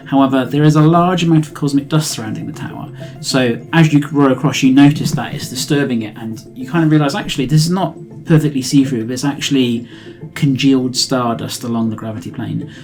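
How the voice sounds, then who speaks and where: A game master narrating a tabletop game in steady, descriptive passages. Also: medium pitch, a little fast, soft background music.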